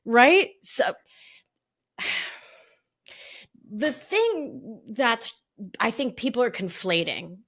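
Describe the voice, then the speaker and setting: A woman with a New York accent in a casual podcast conversation, animated and jokey as she talks. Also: on the high side, very slow, pauses often.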